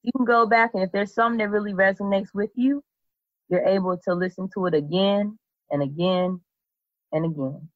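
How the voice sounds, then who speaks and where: A woman's voice: medium pitch, steady tone, moderate pace, no echo. A woman podcast host telling a Bible story casually, acting out the characters with slangy quoted voices. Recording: dull lo-fi, dry sound.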